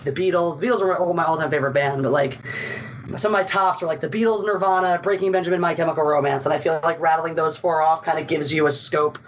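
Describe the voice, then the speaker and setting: A woman's voice: sits low, quick pace, low-quality recording. Philly woman guest on a podcast, chatty and jokey, light faint hiss in the background. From Philadelphia. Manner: chatty, self-deprecating, jokey. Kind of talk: casual podcast chat.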